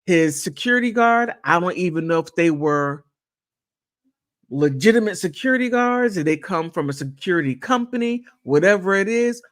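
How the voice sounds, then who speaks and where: A woman hosting a casual commentary monologue, rambling with repeats and chatty asides. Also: deep voice. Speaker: channel host.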